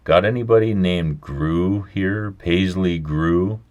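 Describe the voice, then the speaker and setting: A man voicing a stubborn, folksy old country doctor who talks briskly and gruffly in a storybook reading. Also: low voice, darkish tone, voice pushed up.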